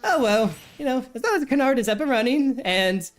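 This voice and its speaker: A man voicing a cheerful, eager young man in a high, chirpy voice. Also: lively intonation, fairly quick, soft background music. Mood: chipper.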